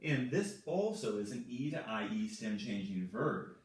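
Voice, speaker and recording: A male Spanish teacher walking through verb forms at a whiteboard, slowly and patiently repeating each one. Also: mid-range voice, very animated. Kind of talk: whiteboard grammar lesson. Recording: echoey room, mic far off.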